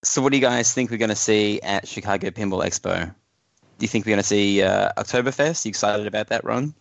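A man's voice: fairly low pitch, quick pace, creaky, no room sound, dull audio. A man co-hosting a casual podcast, rambling with frequent restarts and hedges. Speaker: podcast co-host. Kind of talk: casual chat.

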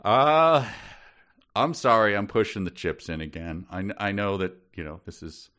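Low voiced guy on a podcast, wry and kinda exasperated, joking around. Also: moderate pace, a bit bright. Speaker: podcast co-host guessing passages. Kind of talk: casual chat.

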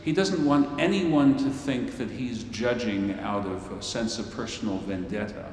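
A slow, wry preacher in a hall. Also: male voice, fairly low pitch, a little mellow, slight background noise. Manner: playful, theatrical, wry asides. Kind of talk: storytelling sermon. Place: large worship hall. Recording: echoey hall from far off.

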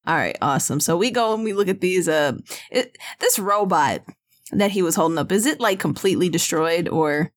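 Woman player, casual and halting, tabletop game. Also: fairly low pitch, expressive. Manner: hesitant, many fillers and restarts.

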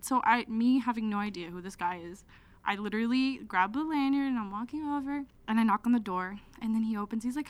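A woman's voice: on the high side, fast talker, no room sound. A young woman, a college student, chatting casually on a podcast and animatedly acting out the people in her story. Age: young adult. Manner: animated storyteller, acts out quoted dialogue. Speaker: student guest.

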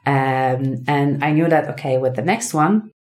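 A woman, a podcast guest telling a personal story in a casual, animated way, full of fillers and acted-out dialogue. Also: extremely low pitch, a little slow. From Poland. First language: Polish. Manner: animated, acts out quoted dialogue, many fillers.

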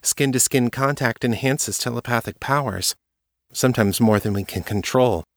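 A man voicing a guarded, troubled young woman telepath who speaks quietly and earnestly in a storybook reading. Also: mid-range voice, moderate pace, no room sound, studio quality, pitched above the performer's own voice, close to an everyday voice. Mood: somber.

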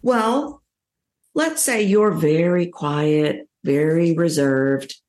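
A woman voice coach speaking as an interview guest, high-energy and dramatic in her delivery. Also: very slow, darkish tone. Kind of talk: interview conversation.

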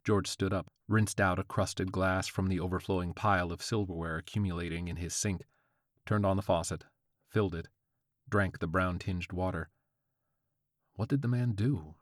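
Deep-voiced man narrating a story wryly. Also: fairly even intonation, normal speed, no echo, clean studio sound. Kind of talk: scripted audiobook narration.

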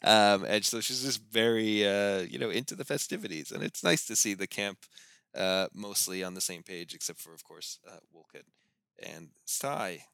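A man's voice: on the low side, normal speed, creaky, sharp tone, smooth, dry recording. A man co-hosting a podcast, chatting casually about a TV series with many fillers and laughs. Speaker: podcast co-host. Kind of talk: casual chat.

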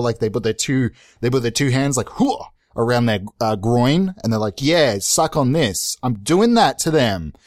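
A young man hosting a solo comedy podcast, rambling and self-mocking with frequent restarts and sudden excited jumps in pitch. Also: no echo, clean studio sound. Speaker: podcast host.

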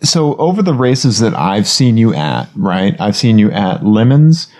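A man with a mellow, warm voice co-hosts a casual podcast. He talks with an encouraging, coaching tone, recorded in a bedroom. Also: fairly low pitch, sing-song, a little slow. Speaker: podcast co-host. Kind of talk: casual chat.

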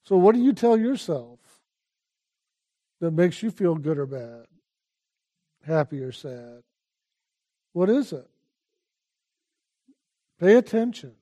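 A high-pitched older man leads a spiritual talk as a teacher, his manner calm and unhurried. Repeatedly, he tells his listeners to pay attention.

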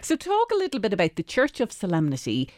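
A woman's voice: medium pitch, huge pitch swings, quick pace, darkish tone, dry recording, studio quality. Enthusiastic woman radio host. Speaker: radio book club host. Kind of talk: radio interview.

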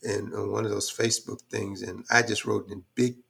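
A man's voice: lowish voice, little pitch movement, moderate pace, gravelly, fairly bright tone, slightly rough. An older man speaking as a podcast guest in a reflective, thoughtful way, with frequent fillers. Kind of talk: reflective conversational talk.

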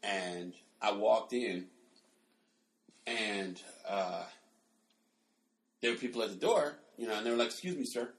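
A man in his late forties, a podcast co-host telling stories in casual chat, animated and swearing freely. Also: takes it slowly, long pauses. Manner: animated, laughing, swears freely, leaps high in pitch when acting out people.

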